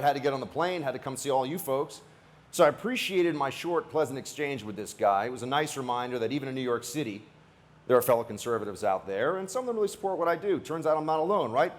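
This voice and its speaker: A man's voice: medium pitch, expressive, quick pace. A man, a radio host, giving a political rally speech with a joking, anecdotal storytelling manner.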